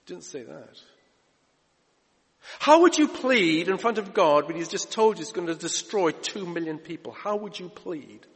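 A man preaching a sermon, emphatic, moving between loud urgent lines and hushed ones. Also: sits high, expressive, a little slow. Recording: reverberant hall.

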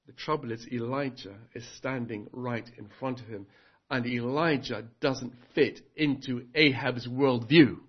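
A man's voice: mid-range voice, steady tone, unhurried, slightly rough, lo-fi sound. A man preaching a sermon earnestly, putting rhetorical questions to his congregation.

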